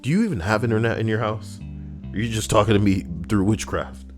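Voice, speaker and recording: A man's voice: on the low side, fairly quick, soft background music. A man streaming live, chatting casually and joking with viewers, rambling and swearing. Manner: rambling, jokey, swears freely.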